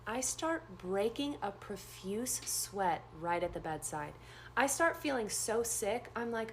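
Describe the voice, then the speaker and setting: A woman nurse telling a story in a casual first-person way, animated and acting out the dialogue. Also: a little slow, a little hiss or hum. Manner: animated, acts out quoted dialogue with big pitch jumps.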